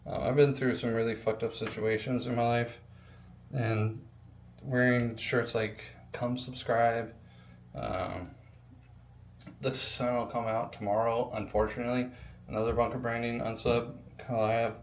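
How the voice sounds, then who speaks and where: A young man talks in a loose, rambling way while he works, filling gaps with ums and swearing freely. His voice sits at an ordinary middle pitch. The room gives it a roomy echo, with a faint hum of ambience behind him. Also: little pitch movement, unhurried. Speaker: PC builder vlogger. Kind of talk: rambling casual chat while building a PC.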